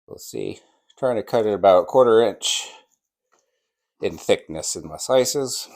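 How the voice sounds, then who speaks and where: Male barbecue vlog host, low-pitched, unhurried delivery, eager and chewing between lines. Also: animated, darkish tone. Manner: enthusiastic, savoring the food, talking with mouth full. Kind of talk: casual cooking vlog while slicing and tasting.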